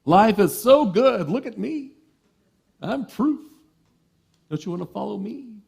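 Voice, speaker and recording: A man's voice: high voice, lively intonation, measured pace, creaky, darkish tone, slightly rough, voice pushed up, heavily acted. A man doing a smug, preening show-off. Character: boastful self-absorbed man showing off.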